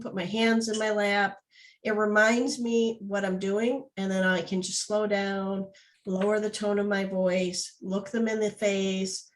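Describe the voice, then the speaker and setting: A woman speaking up in a training class, voice at a middle pitch. She explains her own approach in a calm, reflective way. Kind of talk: classroom discussion.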